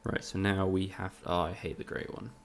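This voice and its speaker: A man's voice: low-pitched, little pitch movement, normal speed, vocal fry. A young man from Spain, chatting casually with his viewers and swearing freely while he streams a game. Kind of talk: casual live-stream commentary.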